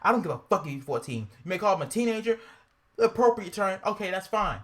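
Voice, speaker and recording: A woman's voice: medium pitch, expressive, quick pace. A woman co-hosting a podcast, ranting with profanity, repeating herself and growing indignant. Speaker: podcast co-host. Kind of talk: heated casual podcast rant.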